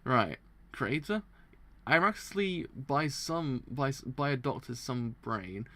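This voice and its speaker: A man reading a manga aloud for a live reaction, often tripping over words and restarting, excitable and quick to laugh. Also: medium pitch.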